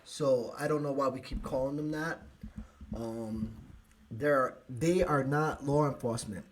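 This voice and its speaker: A man's voice: mid-range voice, slight background noise. Us guy hosting a live podcast, choked up, sighing, keeps restarting. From United States. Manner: emotional, halting, frequent restarts and sighs. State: emotional, close to tears. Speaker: podcast host.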